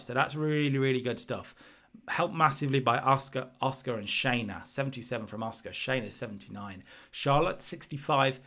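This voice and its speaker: A man's voice: mid-range voice, fairly bright tone. Chatty man commenting a game. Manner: chatty, restarts and fillers, reads out scores. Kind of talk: casual let's-play commentary.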